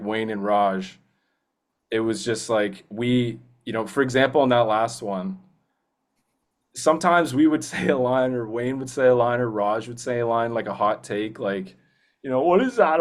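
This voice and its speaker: A young man, a voice actor as a guest, chatting enthusiastically and rambling with lots of fillers. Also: medium pitch. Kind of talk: casual interview chat.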